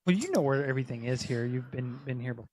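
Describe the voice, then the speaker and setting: A man's voice: mid-range voice, expressive, fast, a little mellow, a little hiss or hum. A man narrating as game master in a casual, laughing manner, often restarting his words.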